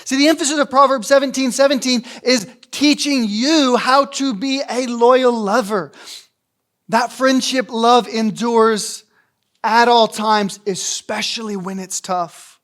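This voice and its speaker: A man's voice: very high voice, measured pace, fairly bright tone. A man preaching a sermon as a pastor in a church, emphatic, repeating key phrases for weight. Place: church sanctuary.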